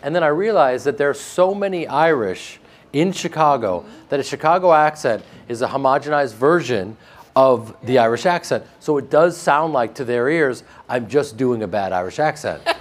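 Joking American man with flat Midwestern accent. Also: medium pitch, moderate pace. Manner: joking, self-deprecating, frequent restarts and laughs. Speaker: actor interviewed. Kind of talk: casual interview chat.

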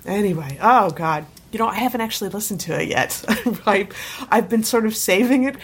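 A woman's voice: medium pitch, lively intonation, moderate pace, slightly rough. A woman co-hosting a podcast in casual chat, enthusiastic and rambling, laughing often. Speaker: podcast co-host.

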